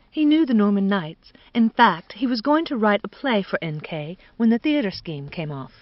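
A woman narrating a literary audiobook in an expressive, measured reading. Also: medium pitch, no echo. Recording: dull, dry studio recording.

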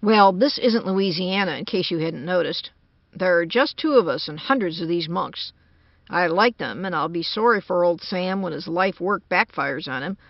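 A woman's voice: lowish voice, lively intonation, normal speed, no room sound. An anxious engineer man talks with urgent unease, as a woman narrator puts him on. The storybook recording is dry and dull, like an old lo-fi tape. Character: worried American man, a computer engineer.

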